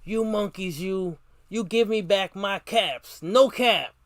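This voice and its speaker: A man voicing an angry grown peddler who scolds and shouts his demands while reading a storybook aloud. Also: high voice, slow pace, no room sound, studio quality, voice pushed up, exaggerated voice.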